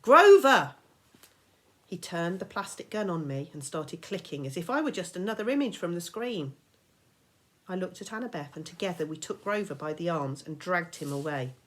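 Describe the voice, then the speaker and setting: A woman teacher reading a children's novel aloud, expressive and dramatic, sometimes dropping to a whisper. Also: fairly low pitch, fairly quick. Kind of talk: storybook read-aloud.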